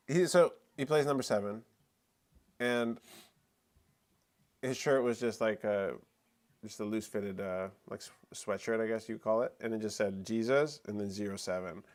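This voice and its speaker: A man's voice: fairly low pitch, a little slow, long pauses. A man co-hosting a live stream, talking casually and rambling with many fillers and restarts. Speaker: co-host of a live talk stream. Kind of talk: casual chat.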